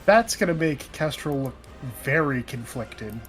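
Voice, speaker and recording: A man playing a tabletop game, lively and joking. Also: fairly high pitch, measured pace, soft background music. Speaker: player. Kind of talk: casual tabletop play.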